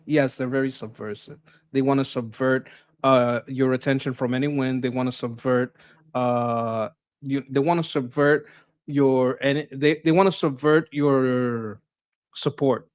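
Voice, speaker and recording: A man's voice: mid-range voice, steady tone, measured pace. A man co-hosting a casual political livestream, talking bluntly with swearing and stumbles, sometimes mocking people in put-on voices. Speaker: livestream co-host.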